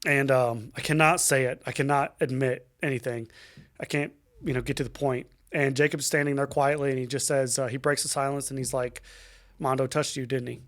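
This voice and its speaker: A young adult man, a podcast guest, telling a painful personal story in a halting, emotional way with many fillers, restarts and swearing. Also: medium pitch, fairly even intonation, a bit bright.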